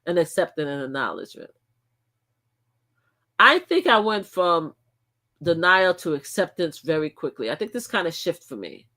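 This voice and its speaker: A middle-aged woman, hosting a casual livestream and talking emphatically, dropping to low mutters and rising into loud outbursts. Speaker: livestream host.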